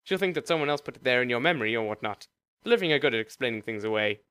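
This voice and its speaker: A man's voice: mid-range voice, animated, rapid-fire, bright, forceful tone, clean tone, dry recording. A man voicing a courteous male agent of the afterlife who talks in polished, formal sales patter. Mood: smooth.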